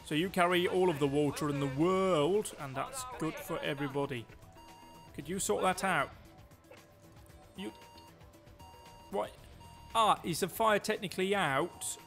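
Excitable man streaming a game. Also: fairly high pitch, a little slow, long pauses, soft background music. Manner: excitable, talks loud, quips at himself. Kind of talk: live gameplay commentary.

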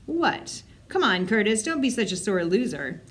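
A woman voicing a cocky young boy, the youngest brother, who talks in an excited, boastful way. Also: mid-range voice, normal speed, close to an everyday voice.

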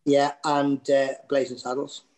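A man with a Geordie accent talks at an ordinary pitch, chatting loosely as a podcast guest. His stories wander, with restarts and fillers, and he laughs easily at himself. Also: monotone, a little slow, a little mellow. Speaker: guest comedian. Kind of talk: anecdotal podcast chat.

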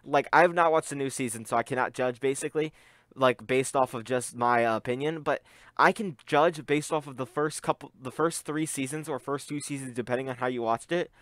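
A young man reacting to an anime scene, talking in an excited, rambling way with a slightly muffled voice. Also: mid-range voice, brisk, no room sound, clean studio sound. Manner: excitable, rambling with many "like" fillers. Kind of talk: casual reaction commentary.

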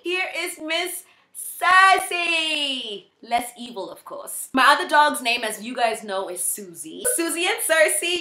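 A woman with a South African accent telling a casual storytime as a vlogger, bubbly, excitable and cheeky. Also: on the high side. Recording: echoey room.

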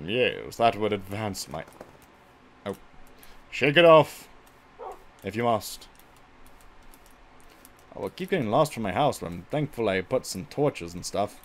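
A man's voice: on the low side, sing-song, a little slow, pauses often. A male streamer chatting casually while he plays a game, exclaiming at it and saying he gets stuck in a put-on voice. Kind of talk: casual gameplay chat.

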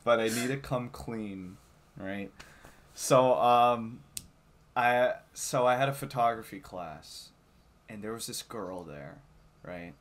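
A man's voice: lowish voice, takes it slowly. A young man co-hosting a casual podcast, telling a story with lots of swearing and laughter. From Canada. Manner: lively storytelling, swears a lot, laughs often. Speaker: podcast co-host. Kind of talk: casual chat.

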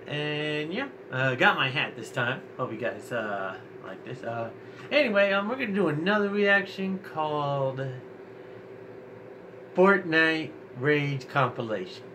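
A man hosting a reaction video, talking casually in a halting way with many ums and apologies. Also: fairly high pitch, big pitch swings, background noise.

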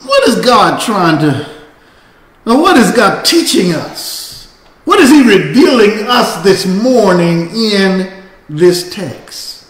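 A man preaching a sermon as pastor, in a slow cadence that climbs into shouts. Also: high-pitched, very animated, reverberant. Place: church sanctuary.

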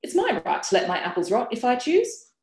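A woman's voice: on the high side, huge pitch swings, brisk, pitched above the performer's own voice. A woman reading aloud from her own novel and voicing a hostile elderly village woman who snaps and hisses her accusations. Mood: indignant. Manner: sharp, hissing, snapping accusations. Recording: roomy webinar audio.

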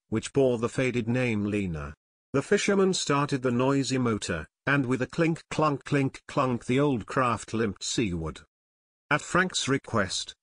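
Male audiobook narrator, measured and steady, mid-range voice, dead-dry close mic. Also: medium pitch, no room sound. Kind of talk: scripted narration.

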